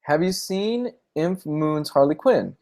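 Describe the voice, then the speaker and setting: Slow and expressive, with a fairly high pitch and a darkish tone, a young man discusses comics in a laid-back livestream. As a vlogger he's candid and emotional, tearing up at moments.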